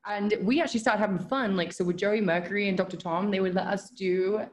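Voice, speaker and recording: Woman, mid-pitched, casual, chatty, laughs a lot. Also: fast talker, echoey room. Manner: chatty, laughs often, says "dude" and "like". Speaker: guest wrestler. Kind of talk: casual storytelling chat.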